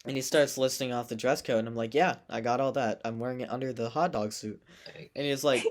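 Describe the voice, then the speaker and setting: A man's voice: medium pitch, fairly quick. A teenage boy co-hosting a casual podcast, telling a school story with lots of laughter and acted-out quotes. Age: teens. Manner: animated, laughing, acts out quoted voices. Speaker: podcast co-host.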